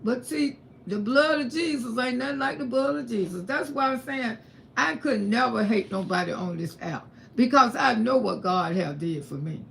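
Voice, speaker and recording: A woman's voice: a little high, animated, moderate pace, gravelly, a bit bright, a little hiss or hum. A woman giving an emphatic, repetitive religious testimony on a livestream. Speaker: livestream host.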